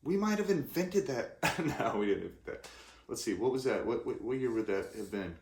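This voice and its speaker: A man's voice: mid-range voice, expressive, normal speed. Rambling man in his forties, roomy echo. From California. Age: 40s. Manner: rambling and self-interrupting, with many fillers and restarts. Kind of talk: casual rambling monologue. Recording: roomy echoey room.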